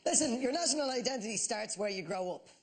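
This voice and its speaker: An Irish man doing a stand-up bit, telling stories quickly with mock outrage. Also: extremely high pitch, lively intonation, husky. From Ireland. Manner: rapid storytelling, mock outrage. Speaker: comedian. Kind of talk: stand-up routine. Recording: noisy live studio recording.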